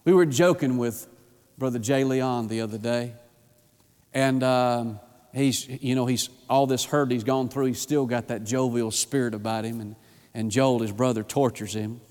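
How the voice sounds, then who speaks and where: A man preaching a sermon in a church, fervent, often acting out voices and rising to an excited pitch. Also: normal speed, in a large hall. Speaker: pastor. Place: church sanctuary.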